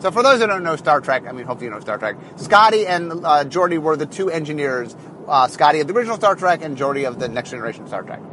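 A man's voice: fairly high pitch, animated, fast, sharp tone, a little hiss or hum. A man, a head designer, talking in a rambling casual monologue with many fillers and restarts, recorded in a car.

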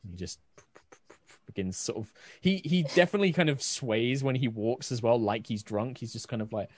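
A man's voice: mid-range voice, fairly quick, darkish tone, no echo. A British man running a tabletop game as game master. He rambles easily with fillers and laughs. The recording is dry and close. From Britain.

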